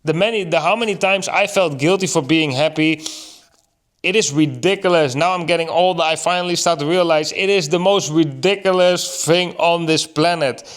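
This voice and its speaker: A man in an earnest, reflective monologue, thinking aloud with rhetorical questions and slowing down to stress key words. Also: on the high side, a bit bright. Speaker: vlogger.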